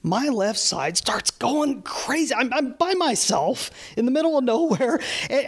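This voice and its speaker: A man's voice: very high voice, animated, normal speed. A man in a group discussion, sharing a candid personal testimony in a shaky voice that sounds close to tears. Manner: earnest, rambling and candid.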